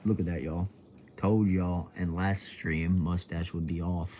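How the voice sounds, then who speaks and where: This young adult man's low, warm voice comes out flat and a little slow as he hosts a livestream from home. Drawling and laid-back, he casually reads comments aloud, saying "bro" and "y'all." A little hiss or hum is present, and a TV plays faintly in another room.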